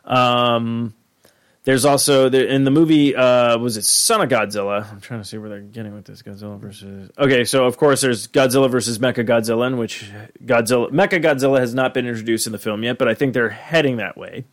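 A man co-hosting a podcast, talking casually in a rambling, profane, animated way. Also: medium pitch, brisk. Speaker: podcast co-host.

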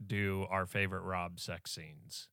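A man's voice: sits low, level tone, a little slow, bright, forceful tone, no room sound, studio quality. A man co-hosting a podcast, chatting loosely about a film with friends, laughing easily. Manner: laid-back, laughing, loose. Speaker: podcast co-host. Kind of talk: casual film discussion.

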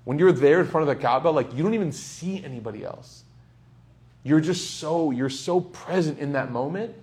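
A young man giving a casual, humorous sermon, telling stories with sudden loud bursts. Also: a little high, normal speed. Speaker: Islamic speaker.

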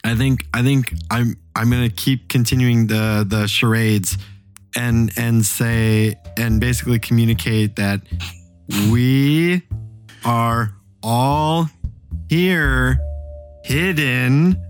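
Halting man playing a tabletop game. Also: medium pitch, steady tone, smooth, faint music behind. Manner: halting, restarting. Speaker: player. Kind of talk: casual tabletop play.

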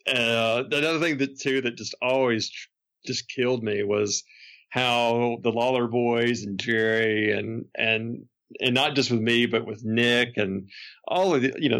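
A man's voice: medium pitch, a little slow, a bit bright. A man who is a podcast guest, casually telling rambling anecdotes with frequent chuckles and restarts.

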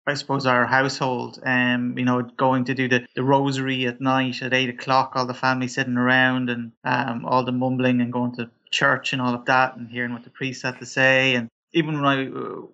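An Irish man speaks in a casual podcast discussion, stumbling through ums and restarts. His voice is bright and forceful, sitting at a middling pitch. The recording sounds dull and lo-fi. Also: completely flat delivery, fairly quick, few pauses. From Ireland. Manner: hesitant, many ums and restarts. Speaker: podcast panelist.

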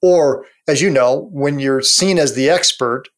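A middle-aged man in casual podcast conversation, talking through ideas off the cuff. He restarts his sentences often and drops in short laughs. His pitch sits in an ordinary middle range. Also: measured pace. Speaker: podcast co-host. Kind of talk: casual business podcast chat.

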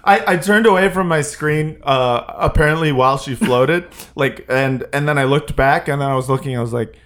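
A man talks films in a relaxed chat, stumbling through repeated starts. He pokes fun at himself, and his voice sits slightly high. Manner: halting, stammering restarts, self-deprecating. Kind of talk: casual chat.

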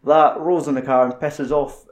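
A man with a Scottish accent chats casually about films, swearing freely and getting animated as he retells scenes. His voice is a little high, at a normal speed.

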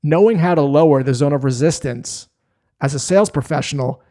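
A man teaching sales skills in a direct, plain-spoken way, with deliberate pauses. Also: a little high, mellow. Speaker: sales trainer. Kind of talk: instructional talk to camera.

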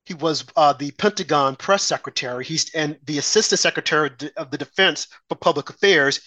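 A man's voice: fairly high pitch, brisk, bright, forceful tone, dry recording. A man giving an indignant, scoffing political monologue, mocking opponents by mimicking them. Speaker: political commentator.

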